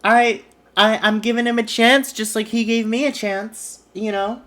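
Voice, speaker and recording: A woman's voice: on the low side, expressive, unhurried, slightly rough. A woman voicing a cocky young male wrestling authority figure in a teasing, airy way. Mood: smug.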